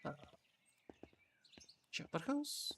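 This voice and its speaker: A streamer playing a narrative game, reading its text aloud and thinking out loud in a halting, casual way. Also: slight background noise.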